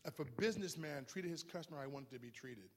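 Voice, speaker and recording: A man preaching a sermon in a church, impassioned, swinging from quiet talk to shouting. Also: medium pitch, lively intonation, quick pace, husky, long reverb tail.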